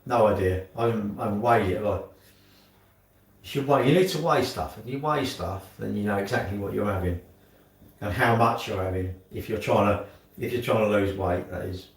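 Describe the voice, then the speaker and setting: A man with a fairly low voice talks briskly while live-streaming from his home kitchen. He rambles casually and mutters to himself as he does chores, and the mic sits far off in an echoey room.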